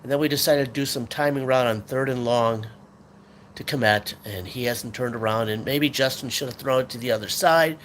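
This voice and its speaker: A man's voice: medium pitch, moderate pace, fairly bright tone, a little hiss or hum. A man hosting a sports talk show, venting in an angry, swearing rant about his team. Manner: frustrated, swearing, ranting fan.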